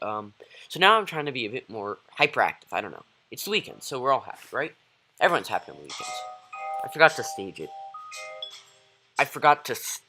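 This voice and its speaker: A man giving rambling, excitable gameplay commentary as a YouTuber, talking straight to his viewers. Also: mid-range voice, fairly quick, soft background music, poor audio. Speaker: gaming YouTuber.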